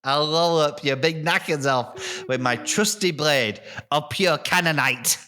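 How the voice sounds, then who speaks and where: A man's voice: on the high side, unhurried, bright, forceful tone, slight background noise, voice pushed up. A man voicing a pompous exiled male goblin prince who speaks in grandiose mock-archaic threats.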